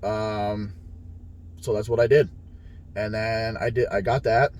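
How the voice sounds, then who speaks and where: A man's voice: lowish voice, fairly even intonation, takes it slowly, darkish tone. A man casually telling a story about his training, blunt and heavily profane, acting out the conversations he had. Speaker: powerlifter sharing his experience.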